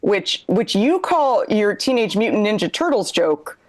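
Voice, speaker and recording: A woman's voice: medium pitch, sing-song, a little slow. A woman co-host telling a rambling, self-deprecating comedic story, often laughing through her lines.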